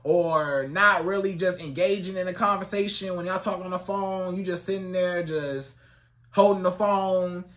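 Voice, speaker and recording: A man giving casual dating advice to the camera, animated and colloquial, repeating his phrases. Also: high voice, normal speed. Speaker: dating coach.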